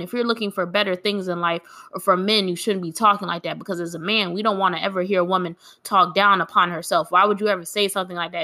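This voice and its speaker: Young woman, bright voice, grieving, candid personal vlog storytelling. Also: mid-range voice. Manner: candid, frank, quietly aggrieved.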